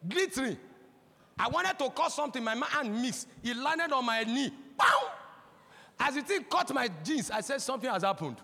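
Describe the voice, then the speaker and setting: A man in his forties with a Nigerian accent, preaching a sermon as a pastor, impassioned and breaking into shouts. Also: extremely high pitch, expressive, fairly quick, gravelly. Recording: long hall reverb.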